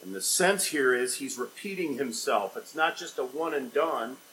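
A man preaching an expository sermon, rising to loud emphatic bursts and dropping to quiet, low scripture reading. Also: expressive, normal speed, slight background noise, rough recording.

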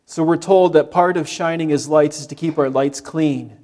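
Middle-aged pastor guy preaching, kinda high voice, acts out the grumblers. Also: fairly even intonation, normal speed, a little mellow. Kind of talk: sermon.

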